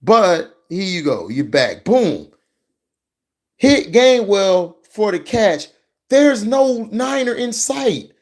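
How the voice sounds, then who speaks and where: Man with a higher voice, slow deliberate delivery, fired-up profane football rant. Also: sing-song. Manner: heated, profane, mocking. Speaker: sports commentary vlogger. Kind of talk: ranting football reaction commentary.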